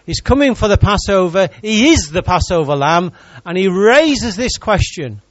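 A man's voice: high-pitched, very animated, moderate pace, no echo, lo-fi sound. A man preaching a sermon in church, reading scripture and joking with the congregation.

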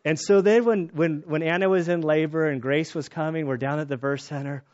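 A man preaching a sermon in a casual, conversational way, telling personal stories and getting animated when excited. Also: on the high side, fairly quick, dull audio. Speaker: pastor.

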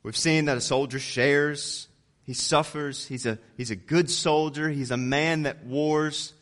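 Male preacher, fairly high voice, dynamic delivery that swells to loud peaks and sinks low for emphasis. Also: steady tone, a little slow. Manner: rising to loud emphatic peaks, dropping low on key words. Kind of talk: sermon.

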